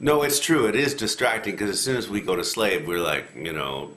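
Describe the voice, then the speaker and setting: A man casually talking through a Bible passage, rambling a little and acting out the quotes with lively rises in pitch. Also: a little fast, hardly any pauses. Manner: animated, acts out quotes with rising pitch, rambling. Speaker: lectionary commentator. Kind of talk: casual scripture discussion. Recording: echoey room, faint noise.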